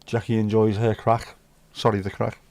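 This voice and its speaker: A man's voice: on the low side, little pitch movement, moderate pace, a little mellow, no room sound. A man from the United Kingdom hosting a casual livestream chat, talking bluntly and swearing freely. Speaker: livestream host.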